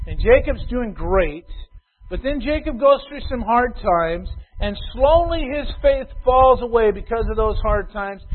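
A man preaching a sermon to a congregation, reading scripture slowly and loudly, then explaining it in a casual way. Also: high-pitched. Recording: tinny phone-like sound.

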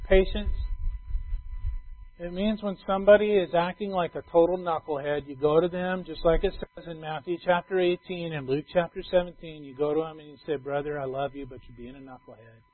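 High-voiced pastor preaching on a tinny line. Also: male voice, wildly swooping pitch, fairly quick, breathy edge. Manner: conversational preaching, swings between loud emphasis and soft asides. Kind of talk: sermon. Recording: tinny phone-like sound.

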